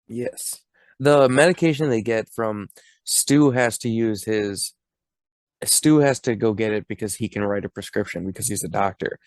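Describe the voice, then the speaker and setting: A man's voice: lowish voice, normal speed, no echo. A man co-hosting a podcast, recapping a movie in casual chat, laughing often and piling up details. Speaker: podcast co-host.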